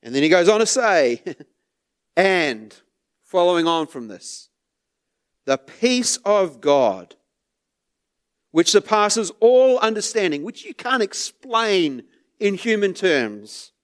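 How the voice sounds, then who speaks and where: Male pastor mid-sermon; higher register, takes his time, chuckles softly between points. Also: big pitch swings. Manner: unhurried, with soft laughs and repeated words.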